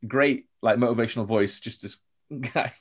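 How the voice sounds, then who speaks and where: A man's voice: mid-range voice, moderate pace, breathy edge. A young man telling stories as a podcast guest, chatty and rambling, laughing often. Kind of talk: casual storytelling chat.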